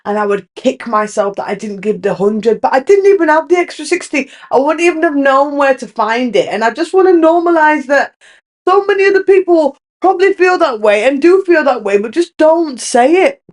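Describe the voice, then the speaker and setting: Young woman, solo podcast host, candid rambling chat, fairly high voice. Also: expressive, brisk, darkish tone. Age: young adult. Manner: rambling, candid, restarts often.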